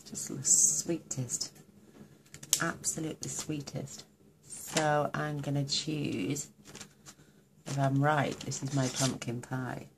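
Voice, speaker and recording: A woman with a remarkably deep voice and a gravelly edge gushes over her colouring, thinking aloud through a card-making tutorial. A faint hiss sits under her talk. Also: level tone, slow pace, pauses often. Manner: gushing, chatty, thinks aloud while colouring. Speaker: craft demonstrator.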